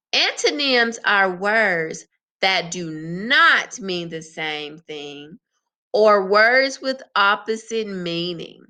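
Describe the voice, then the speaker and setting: A woman teacher giving a slow, sing-song vocabulary lesson to young children. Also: a little high, pushed and bright.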